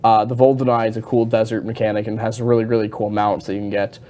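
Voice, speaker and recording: A man co-hosting a casual gaming chat show, talking in an excitable, rambling way with many restarts and fillers. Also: lowish voice, quick pace. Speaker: podcast co-host.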